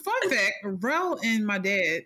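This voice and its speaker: A woman chatting as a podcast co-host, easygoing and slangy, with a voice of middling pitch. She laughs often and talks loosely with a friend, recorded at home in a kitchen. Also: sing-song, slow pace, pushed and bright. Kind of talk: casual chat.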